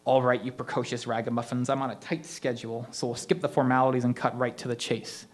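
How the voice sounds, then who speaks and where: A man's voice: medium pitch, little pitch movement, quick pace, natural voice. A man reading a story aloud, voicing a vengeful male ghost who possesses a middle-aged man, with mocking, theatrical menace.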